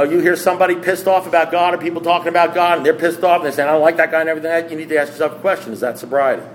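A man's voice: high-pitched, a little hiss or hum. A man speaking at a recovery meeting, blunt and preachy, firing off rhetorical questions. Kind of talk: AA meeting talk.

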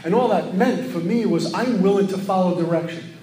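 A middle-aged man giving an earnest, preachy share at a recovery meeting, often acting out his own thoughts in quick asides. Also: high voice, warm tone. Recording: echoey room with faint ambience.

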